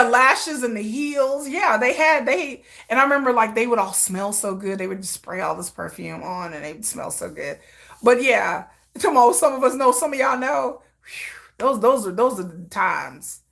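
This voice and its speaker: A woman's voice: medium pitch, expressive, moderate pace, gravelly, a bit bright. Chatty woman telling a rambling story. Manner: rambling, laughs often, acts out quoted voices. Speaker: livestream host. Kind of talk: casual storytelling chat.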